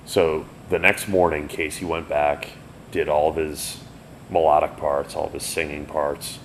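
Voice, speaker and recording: A man's voice: rumbling low, normal speed, creaky, a little hiss or hum. A man in his forties, a band member telling old studio stories in a casual, profane, rambling way. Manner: profane, rambling, animated retelling. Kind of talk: casual storytelling interview.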